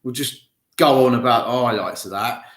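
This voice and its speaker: A man's voice: medium pitch, normal speed. A man chatting casually about football to fans in a rambling, direct way, with a nagging cough. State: has a cough. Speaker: football fan vlogger. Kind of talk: casual solo football chat. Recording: roomy echo.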